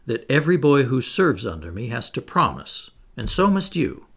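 A cocky young boy leader, put on by a male storybook reader, brisk and boastful, giving orders with relish. His voice bounces up and down lively and carries a slight gravelly edge. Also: medium pitch, full character voice. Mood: commanding.

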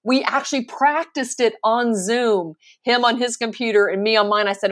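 A woman in her forties, guest on an interview, talking with lively emphasis and frequent laughs. She is a professional speaker, and her voice sits a little higher than most women's. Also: moderate pace, hardly any pauses. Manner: animated and emphatic, laughing often. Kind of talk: casual interview talk.

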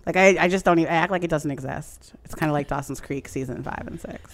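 A woman's voice: low voice, fast talker, slight background noise. A woman in casual chat, telling a long story with lots of fillers. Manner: rambling, animated storytelling with many "like" fillers. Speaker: podcast co-host recapping a TV show.

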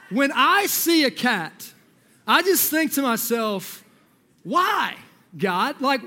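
A man giving an energetic, joking youth sermon as a youth pastor, talking directly to the crowd. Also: very high voice.

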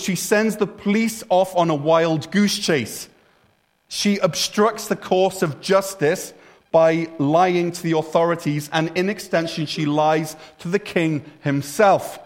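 A man preaching a sermon in a conversational, storytelling way, explaining a Bible passage. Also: a little high. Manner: conversational, storytelling, with restarts and asides.

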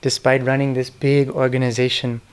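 A middle-aged man gives a reflective lecture on spiritual history, speaking at normal speed in a smooth, mid-range voice with completely flat delivery. He tells devotional stories earnestly, whispering quoted names softly.

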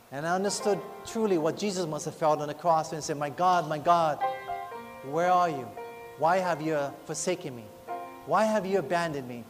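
A high-voiced man preaches from the pulpit, sharing a personal testimony in earnest tones. His voice rings with long reverb, and soft music plays behind him. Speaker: pastor. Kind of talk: sermon.

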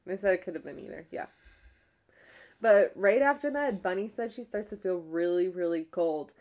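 A woman's voice: on the low side, normal speed. A young woman casually retelling a ghost-hunting episode. She uses "like" constantly and often restarts her sentences. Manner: rambling, heavy use of "like", frequent restarts; retells a ghost-hunt episode with a hushed, animated tone. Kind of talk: casual storytelling.

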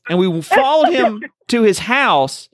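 A man co-hosting a podcast, telling a story in an animated, laughing way, chatting casually with callers. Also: high voice, measured pace, dry recording, clean studio sound. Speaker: podcast co-host.

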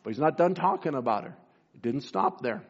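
Male preacher, higher-pitched, fervent sermon delivery, muffled lo-fi audio. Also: expressive, a little fast, breathy edge. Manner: fervent, rising and falling emphasis. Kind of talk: sermon with read-aloud quotes. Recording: dull lo-fi sound.

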